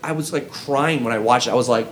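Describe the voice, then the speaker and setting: A man's voice: mid-range voice, quick pace, a little hiss or hum. A man co-hosting a casual podcast among friends, telling stories earnestly and acting out the lines he quotes. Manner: earnest storytelling, acting out scenes in quoted voices. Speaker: podcast co-host.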